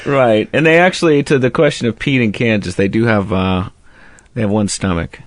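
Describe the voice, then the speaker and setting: On a casual radio talk show, a male host with a lowish voice tells a long, profane story at a moderate pace, acting out both sides of a phone call. The recording is dry.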